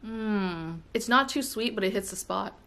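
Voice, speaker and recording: Gushing, excitable American vlogger woman. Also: medium pitch, normal speed, gravelly. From United States. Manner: gushing, excitable, giggly exclamations. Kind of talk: casual unboxing and taste-test chat.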